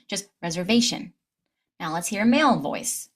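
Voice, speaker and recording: Woman coaching English pronunciation. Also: mid-range voice. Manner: clear, demonstrative, drills sounds slowly and expressively. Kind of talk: pronunciation lesson.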